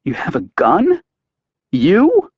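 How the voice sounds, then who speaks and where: A man's voice: lowish voice, expressive, a little slow, dry recording, narrow, tinny audio. A man reading an audiobook, voicing an anxious, guilty woman who pleads in a shaky, raised voice. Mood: alarmed.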